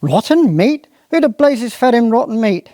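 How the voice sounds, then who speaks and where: A performer doing a blustering, outraged posh squire. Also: male voice, very high voice, very animated, normal speed, dark tone, no room sound, clean studio sound, pitched above the performer's own voice. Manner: blustering, increasingly outraged questions. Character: posh, hot-tempered upper-class country squire.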